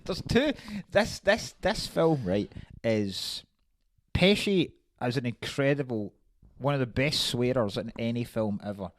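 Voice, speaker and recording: A man's voice: mid-range voice, lively intonation, measured pace, no room sound. A man co-hosting a casual film podcast, animatedly acting out movie quotes with laughter. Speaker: podcast co-host.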